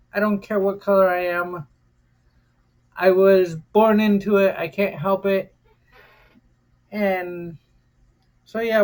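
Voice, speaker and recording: An American woman vlogger giving an impassioned, defiant rant, cursing freely and repeating phrases for emphasis. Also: medium pitch. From United States.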